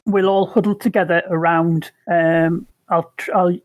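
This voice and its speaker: A man's voice: on the high side, fairly even intonation, a little slow, no room sound, narrow, tinny audio. Man chatting at a game table, dry sound. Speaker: player. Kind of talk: casual chat at a tabletop game.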